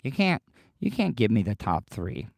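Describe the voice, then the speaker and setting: A man hosting a livestream podcast in a rambling, excitable chat, his voice strained and tired, swearing casually. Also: fairly low pitch, normal speed, creaky, no echo, clean studio sound. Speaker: podcast host.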